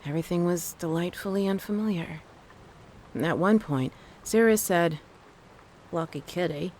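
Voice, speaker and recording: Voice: medium pitch, moderate pace, a little mellow, slight background noise. A narrator reading a first-person scary story, with dry, wry asides. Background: faint thunderstorm ambience.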